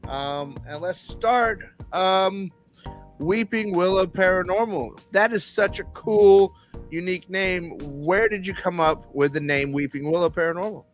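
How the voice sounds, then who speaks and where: A man's voice: sits high, unhurried, soft background music. Joking man hosting a live show. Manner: joking, playful, self-deprecating. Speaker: podcast host. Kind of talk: casual live-stream chat.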